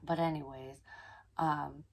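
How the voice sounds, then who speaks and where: Low, gravelly woman telling a story. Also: slow. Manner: excitable and profane, drops into hushed asides. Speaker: psychic medium. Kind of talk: casual personal storytelling.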